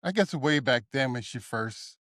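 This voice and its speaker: A man co-hosting a podcast, chatting in a relaxed way with short replies and questions. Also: medium pitch, normal speed, no room sound, clean studio sound. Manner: laid-back, short responses. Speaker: podcast co-host. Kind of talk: casual chat.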